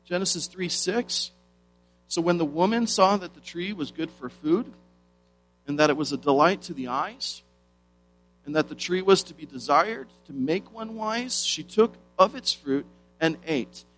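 A man's voice: a little high, expressive, a little slow, fairly bright tone, soft background music, poor audio. A man preaching a sermon with emphatic stresses and rhetorical questions.

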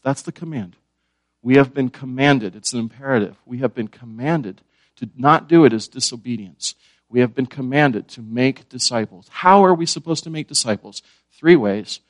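A man preaches a sermon, asking his listeners questions and repeating his key words. His voice sits at an everyday middle pitch. The sound is close and dry. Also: dry recording. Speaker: pastor.

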